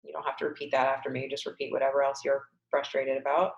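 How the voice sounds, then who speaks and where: A woman's voice: very deep voice, little pitch movement, fast, hardly any pauses, echoey room, dull audio. A woman coaching a group webinar through a tapping session, leading repeated affirmations in an emphatic voice and sighing along. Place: home, on a webinar. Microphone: video call webcam.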